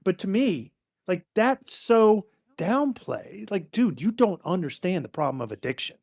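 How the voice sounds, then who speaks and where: A man's voice: high voice, sing-song, a little slow, vocal fry, a little mellow, dry recording, studio quality. A middle-aged man co-hosting a sports podcast with his son, ranting bluntly and emphatically, with some swearing. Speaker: podcast co-host, father. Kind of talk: opinionated sports podcast rant.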